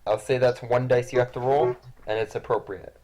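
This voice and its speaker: A man running a tabletop game as its game master, with a middle-pitched voice. He narrates in a relaxed, hesitant way, dotted with ums and uhs. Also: brisk, low-quality recording. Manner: relaxed, hesitant, many fillers.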